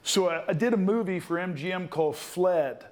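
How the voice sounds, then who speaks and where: An animated man in his fifties tells a story with a fairly high voice. He jumps in and out of quoted voices as he talks to a room of students. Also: moderate pace. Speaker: guest actor.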